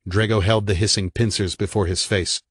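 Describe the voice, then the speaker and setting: A man reading a horror novel aloud in a dramatic, measured narration. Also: on the low side, fairly even intonation, husky, dry recording, studio quality. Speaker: audiobook narrator.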